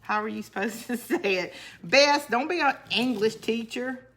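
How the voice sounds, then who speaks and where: A woman's voice: on the high side, normal speed, fairly bright tone. A woman hosting a casual crafting livestream. She chats to her viewers, laughs often and answers their comments as she works. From northern United States. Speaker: crafting channel host.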